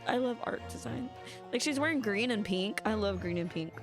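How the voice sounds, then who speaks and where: A woman's voice: mid-range voice, lively intonation, normal speed. A woman streaming a video game, chatting casually and rambling with lots of giggles. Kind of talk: casual chat while playing a video game. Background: game music.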